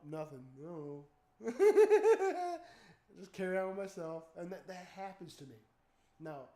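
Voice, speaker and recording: A man chatting casually at home as a streamer, telling stories animatedly with loud startled outbursts and swearing. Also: fairly high pitch. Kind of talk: casual chat. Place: home room. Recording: echoey room.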